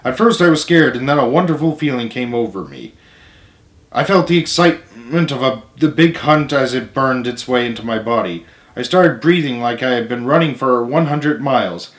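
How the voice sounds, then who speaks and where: A man reads a novel aloud in a mid-pitched voice, steady and plain, fixing small slips as he goes. His voice carries a roomy echo. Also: moderate pace. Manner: plain steady reading with small self-corrections. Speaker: storyteller.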